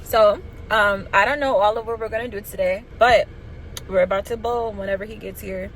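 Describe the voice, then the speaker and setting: A woman's voice: mid-range voice, fairly even intonation, normal speed, a little hiss or hum, poor audio. A young woman vlogging from her parked car, chatty, nervous and giggly as she talks to her viewers. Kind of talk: casual vlog chat.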